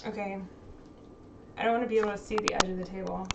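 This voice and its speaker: A woman's voice: medium pitch, steady tone, fast talker, heavy background noise. A woman hosting a casual live stream from home, chatting and laughing while fixing technical problems. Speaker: streamer host.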